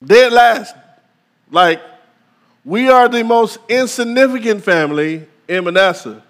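Man putting on a timid young man, higher voice, self-deprecating, pleading. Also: lively intonation, unhurried, a bit bright, full character voice. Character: timid young man who feels worthless.

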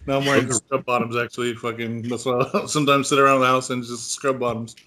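A man's voice: medium pitch, level tone, fast talker, pushed and bright. A man co-hosting a casual podcast chat, rambling with lots of fillers and frequent laughs. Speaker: podcast co-host.

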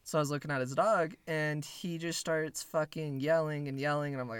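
A man's voice: a little high, fairly even intonation, a little fast, hardly any pauses, clear, resonant tone, no room sound. A young man casually telling funny stories among friends, laid back, swearing freely and laughing as he goes. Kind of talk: casual storytelling chat.

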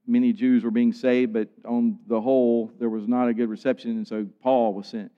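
A man's voice: medium pitch, level tone, normal speed, clear, resonant tone. A man preaching a sermon in an earnest way, building to emphatic peaks. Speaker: pastor. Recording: dull sound with long hall reverb.

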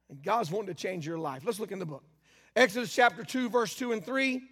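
A preacher with a very high, gravelly voice delivers a sermon. He reads scripture slowly with heavy emphasis, then drops into a casual aside. The sound carries a long reverb from a large church hall. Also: animated.

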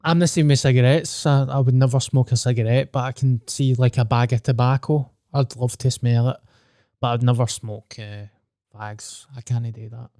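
A man's voice: mid-range voice, fairly even intonation, moderate pace, mellow, no echo, clean studio sound. A Scottish man hosting a podcast, chatting casually, blunt and sweary with a joking manner. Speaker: podcast host. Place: venue with a dry sound.

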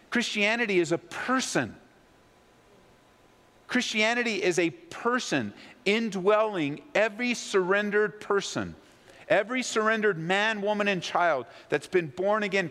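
A man preaching a sermon as pastor, swinging between loud, pleading questions and low, hushed emphasis. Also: long reverb tail. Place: church sanctuary.

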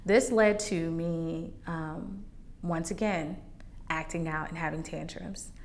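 A woman's voice: low-pitched, steady tone, slow. A woman hosting a faith podcast, candidly sharing a personal testimony in a conversational way that turns emotional at times. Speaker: podcast host.

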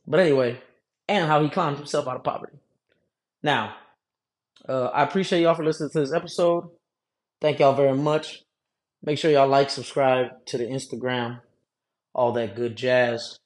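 A man hosting a podcast, telling a story in a casual, profane, slangy way. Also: medium pitch. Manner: profane, slangy, animated retelling. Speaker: podcast host.

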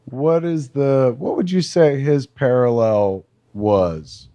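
A man co-hosting a podcast, chatting about entertainment news in an animated, emphatic way. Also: medium pitch, takes it slowly, no room sound. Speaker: podcast co-host. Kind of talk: casual entertainment news chat.

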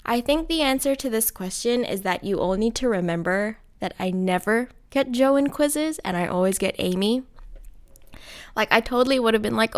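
A woman's voice: on the high side, lively intonation, moderate pace. Gushing young woman chatting about a film. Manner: gushing, giggly, talks to viewers. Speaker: film vlogger. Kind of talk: casual chatty film commentary.

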